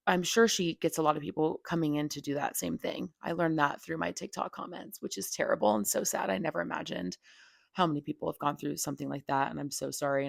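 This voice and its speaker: A woman's voice: deep voice, vocal fry, slightly rough, no echo, studio quality. A young adult woman hosting a podcast, giving a candid opinion monologue in a blunt, frank way, full of "like" and casual swearing. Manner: blunt and frank, heavy filler "like", swears freely. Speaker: podcast host.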